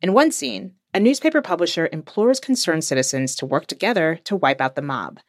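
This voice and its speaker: A woman hosting a podcast, reading a scripted narration in a measured, explanatory way. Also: on the low side, expressive, no echo, clean studio sound. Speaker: podcast host.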